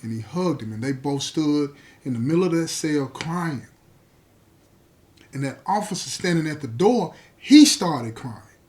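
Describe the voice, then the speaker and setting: A man telling a dramatic true story to his listeners, speaking slowly with deliberate pauses and addressing them directly. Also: fairly high pitch, animated, darkish tone. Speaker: storyteller host.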